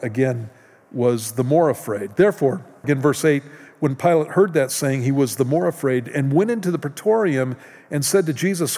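Slow earnest preacher in a reverberant hall. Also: male voice, medium pitch, darkish tone. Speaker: pastor. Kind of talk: sermon.

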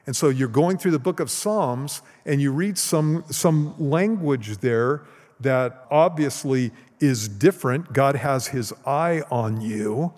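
A man's voice: medium pitch, slow pace, darkish tone. A man giving a conversational teaching sermon as pastor, often asking the congregation questions. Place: church sanctuary. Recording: long hall reverb.

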